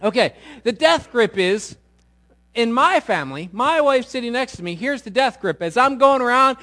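A middle-aged man preaching a sermon as a pastor, telling a story with big loud peaks and quiet, intimate low passages. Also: very animated, moderate pace.

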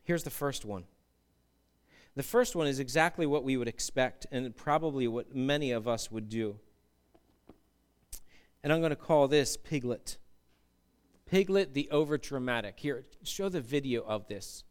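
A male pastor preaching a sermon in a church, animated and acting out panicked voices. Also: medium pitch, a little slow, pauses often, clean tone.

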